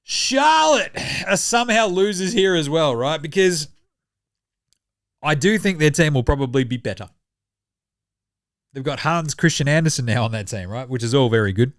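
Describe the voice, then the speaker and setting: Australian man, sports commentary, sarcastic and sweary, very lively pitch, dry close sound. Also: moderate pace, long pauses, no room sound. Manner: sweary, sarcastic, mocking impressions of others. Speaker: basketball podcast host.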